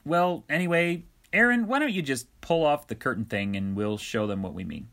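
A harried, exasperated prophet of a man, put on by a male storyteller, his voice pushed high and loud as he pleads to finish a sentence. He sounds flustered and worn out by his crowd. Storybook comedy reading. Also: lively intonation, normal speed. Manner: flustered, pleading, keeps getting cut off.

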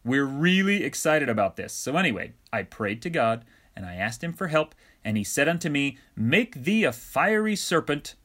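A harried, exasperated prophet of a man, put on by a male storyteller, his voice pushed high and loud as he pleads to finish a sentence. He sounds flustered and worn out by his crowd. Storybook comedy reading. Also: sing-song, normal speed. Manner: flustered, pleading, keeps getting cut off.

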